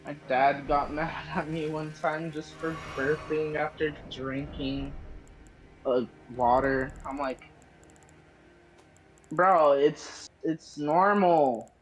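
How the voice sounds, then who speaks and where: A man chatting casually on a stream, telling stories slowly and without hurry. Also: on the high side, little pitch movement, faint music behind, rough recording. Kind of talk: casual chat.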